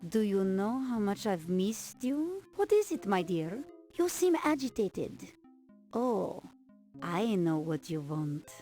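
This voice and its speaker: A woman's voice: mid-range voice, very animated, slow, mellow, soft background music, pitched below the performer's own voice. A woman voicing a doting, seductive woman cooing to her lover in an adventure game. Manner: cooing, sing-song.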